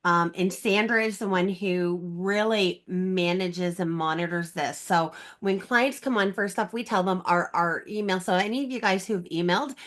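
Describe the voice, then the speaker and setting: A woman hosting an online workshop over a video call, explaining how she does things in a brisk, practical way. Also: on the low side, fairly bright tone. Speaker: workshop host. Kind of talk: casual call talk.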